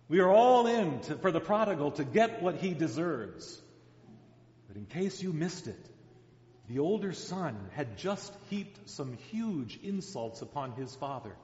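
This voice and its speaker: Slow high-voiced preacher in an echoey hall. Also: male voice, big pitch swings, darkish tone. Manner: dramatic storytelling, voicing quoted characters. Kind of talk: sermon. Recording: echoey hall, dull sound.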